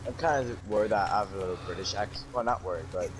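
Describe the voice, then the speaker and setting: A man's voice: on the low side, quick pace, background noise. A man chatting casually as a guest on a stream, talking hesitantly and trailing off. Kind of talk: casual chat.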